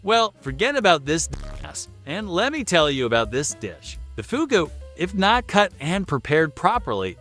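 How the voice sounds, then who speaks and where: Lively male episode recap narrator. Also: a little high. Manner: chatty, with offhand asides. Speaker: video narrator.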